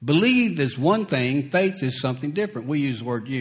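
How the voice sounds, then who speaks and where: A man preaching a sermon, slow and deliberate, who chuckles between points and acts out scripture quotes. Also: medium pitch, animated.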